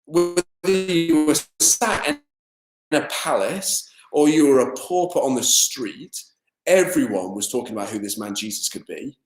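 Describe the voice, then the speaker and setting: A man preaching a sermon as assistant minister, in a conversational style full of fillers and lively asides. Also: medium pitch, normal speed. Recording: echoey room.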